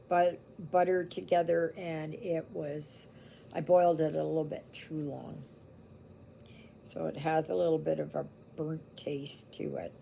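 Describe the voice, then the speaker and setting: A Canadian home vlogger who does cross-stitch chats casually with her viewers, talking slowly and rambling as she laughs easily. Her voice is low and mellow with a gravelly edge, and faint household noise sits in the background.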